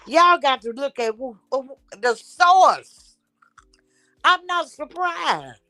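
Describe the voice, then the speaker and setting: Lady host gossiping, blunt and lively, dry close sound. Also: sits high, slow, no echo, soft background music. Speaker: show host. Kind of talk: casual gossip chat.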